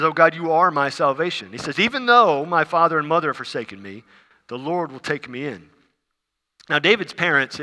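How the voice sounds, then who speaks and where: A man preaching a sermon as pastor, earnestly repeating phrases and swinging from soft to loud. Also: mid-range voice, big-room sound.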